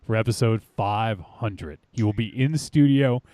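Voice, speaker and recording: A man hosts a podcast in a relaxed, upbeat chat that wanders a little. His voice sits low and sounds warm and mellow. The sound is dry, with no room echo. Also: normal speed. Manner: chatty and upbeat, easygoing rambling. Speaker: podcast host. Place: home studio.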